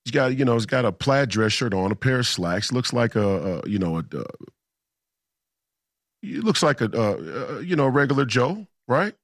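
A man's voice: mid-range voice, sing-song, normal speed, no echo, studio quality. A man in a casual storytelling monologue, emphatic and combative, repeating himself for effect. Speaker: political commentator.

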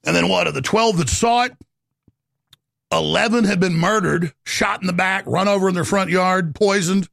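A man's voice: high-pitched, normal speed, a bit bright, no room sound, clean studio sound. A man hosting a talk radio show, delivering a rambling, heated monologue that jumps between topics. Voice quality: gravelly, raspy.

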